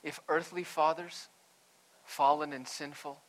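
A male pastor preaching a sermon, going from hushed, slow lines to loud, emphatic ones. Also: fairly high pitch, fairly even intonation, rough recording.

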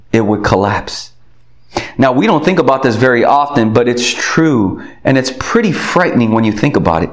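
A man preaching a sermon in an earnest tone, pausing to stress his words. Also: medium pitch, echoey room. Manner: earnest, slow emphatic phrasing with many pauses. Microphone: recorded for video.

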